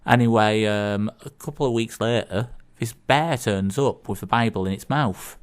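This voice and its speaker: A man from England with a Northern English accent co-hosts a community radio show, his voice lowish, clear and resonant at a moderate pace. He tells jokes in a rambling, hesitant way, full of fillers.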